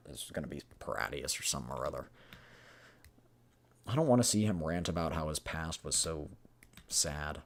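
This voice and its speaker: Husky, rambling male streamer. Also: extremely low pitch, fairly quick, pauses often. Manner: casual, rambling, sarcastic. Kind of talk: casual live-stream commentary.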